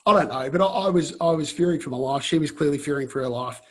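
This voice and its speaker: Australian man, husky voice, fairly high, animated storytelling, video call guest. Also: fast talker. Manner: animated storyteller, restarts phrases. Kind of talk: casual storytelling.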